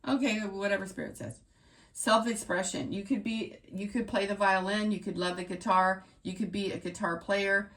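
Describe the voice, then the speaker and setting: A woman's voice: mid-range voice, fairly even intonation, normal speed, a bit bright. A woman running a tarot reading channel, talking straight to her viewers in an emphatic, repetitive pep-talk style. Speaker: tarot reader.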